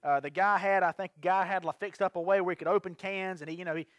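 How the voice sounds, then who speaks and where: High-voiced man preaching. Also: fast talker, no room sound. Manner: rambling, lively storytelling with many restarts. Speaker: pastor. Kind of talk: storytelling sermon.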